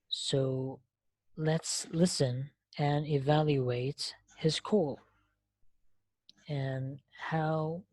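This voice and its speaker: A woman's voice: low-pitched, darkish tone, no echo. A woman teaching a live online English lesson, explaining patiently and often checking that students follow. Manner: slow explaining, frequent checking questions. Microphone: online lesson connection.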